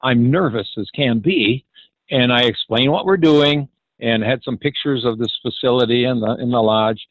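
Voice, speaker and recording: A man's voice: medium pitch, dry recording, narrow, tinny audio. A man in his eighties telling an anecdote, with frequent hesitations and acted-out dialogue. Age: 80s. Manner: halting, many hesitations, acts out dialogue. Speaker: ranch founder telling his story. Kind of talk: storytelling anecdote.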